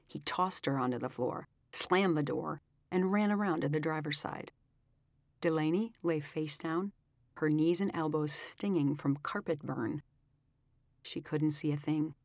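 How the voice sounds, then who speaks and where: A woman with a notably low voice narrates an audiobook in a measured, dramatic way. The sound is close and dry, with no room echo. Her delivery stays steady and deliberate. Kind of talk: scripted narration.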